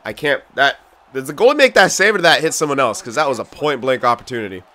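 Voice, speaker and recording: A man's voice: medium pitch, animated, fast talker, sharp tone. A young man giving live gameplay commentary, ranting and swearing in frustration at a hockey video game. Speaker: gamer.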